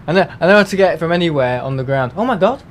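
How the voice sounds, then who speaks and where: A man live-streaming from home, excitable and quick to laugh and exclaim as he chats. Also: a little high, a little hiss or hum.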